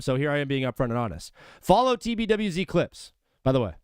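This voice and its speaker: Smooth-voiced young man rambling on stream. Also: high voice, lively intonation, very fast, no room sound, studio quality. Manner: rambling, jokey, calls viewers brother. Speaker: sports streamer host. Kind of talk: casual live-stream chat.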